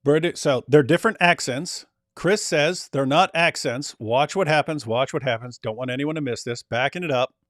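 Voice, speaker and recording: A man with a fairly high voice, recorded close and dry with no room sound. He comments on clips in an emphatic, insistent way, answering his own rhetorical questions. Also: normal speed, few pauses, a bit bright, dry recording. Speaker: commentator reacting to street debate clips. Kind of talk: critical commentary over replayed clips.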